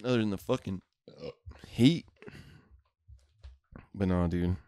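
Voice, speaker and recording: A man's voice: fairly low pitch, sing-song, takes it slowly, warm tone, no room sound, clean studio sound. A young man, hosting a podcast and telling profane, laid-back stories in casual chat. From Houston, Texas. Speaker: podcast host.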